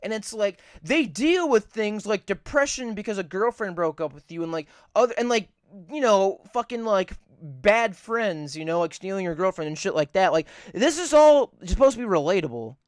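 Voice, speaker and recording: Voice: medium pitch, very animated, moderate pace, hardly any pauses, smooth, no echo, studio quality. A podcast co-host in casual chat, rambling and swearing a lot, repeating points for emphasis.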